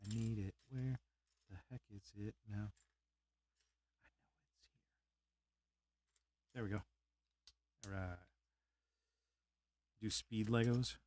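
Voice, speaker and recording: Slow, laid-back man chatting while building. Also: on the low side, steady tone, darkish tone, slight background noise. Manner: laid-back, chuckles often, mutters to himself while building. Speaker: streamer building a brick model. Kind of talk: casual live-stream chat.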